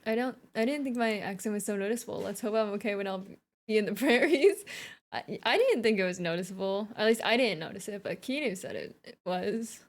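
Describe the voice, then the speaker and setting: A woman's voice: mid-range voice, lively intonation, a little fast. Chatty American woman streamer. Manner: chatty, giggly, rambling. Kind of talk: casual game stream commentary.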